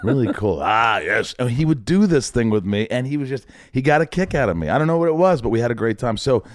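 A middle-aged actor from Indiana, appearing as a podcast guest, tells anecdotes in casual conversation and animatedly acts out the other people's voices. His mid-range voice moves fast, recorded in studio quality with no room sound.

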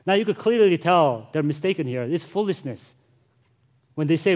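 A man's voice: a little high, moderate pace, darkish tone. A male pastor preaching a sermon, earnest and emphatic, often addressing the congregation directly.

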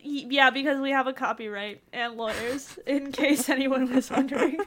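High-voiced young woman podcaster. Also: steady tone, moderate pace, over a noisy crowd. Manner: brief joking interjections. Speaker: podcast co-host. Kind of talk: casual chat.

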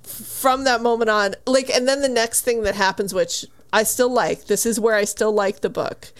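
Animated woman co-hosting a podcast. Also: fairly high pitch, normal speed. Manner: animated retelling, acting out characters' lines, frequent swearing and laughter. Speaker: podcast co-host. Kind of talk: casual book review chat.

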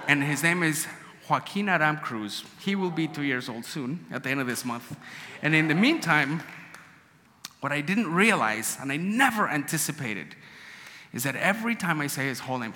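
A man from Guatemala telling a personal story to an audience, emotional and animated, acting out the dialogue. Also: a little high, normal speed, a little hiss or hum. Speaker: storyteller guest. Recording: long hall reverb.

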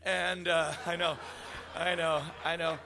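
A man doing stand-up, then belting a comic song, boisterous and shouting at times. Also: a little high, level tone, slow, vocal fry. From Scotland, raised in Canada. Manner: boisterous, shouting and singing with guitar. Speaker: stand-up comedian and singer. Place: festival stage. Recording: live music over the voice.

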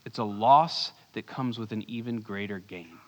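Earnest male pastor in a reverberant hall. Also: normal speed. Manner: earnest, swings between urgent bursts and hushed low lines. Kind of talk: sermon.

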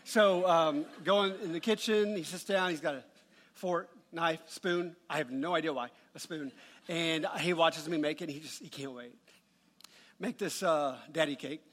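A middle-aged man preaching, his voice slightly high for a man. He tells stories in a light, humorous, conversational way. His words ring out with the long reverb of a large church hall. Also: normal speed, fairly bright tone. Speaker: pastor. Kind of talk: sermon with a personal story.

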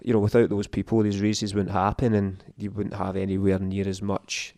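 A man's voice: fairly low pitch, little pitch movement, normal speed, a little mellow, no echo, studio quality. A man, a podcast guest, telling an emotional story in casual chat, swearing often.

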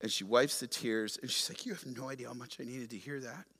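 A man preaching a sermon as pastor, moving from quiet storytelling to loud, emphatic exhortation. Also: mid-range voice, quick pace, husky.

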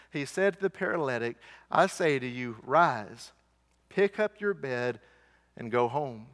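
A man's voice: fairly high pitch, a bit bright. A man preaching a sermon in an earnest way, asking rhetorical questions and repeating lines for emphasis. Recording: church hall reverb.

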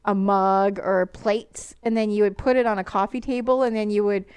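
A woman's voice: mid-range voice, fairly even intonation, moderate pace, a little mellow, clear, resonant tone. A woman co-hosting a casual chat, giggly and rambling. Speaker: podcast co-host.

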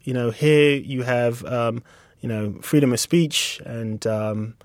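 A British man in his thirties, a designer being interviewed, speaking reflectively and haltingly with many restarts. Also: mid-range voice, a little mellow, no echo. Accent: British English. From England. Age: 30s. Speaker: guest designer. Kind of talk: casual interview conversation.

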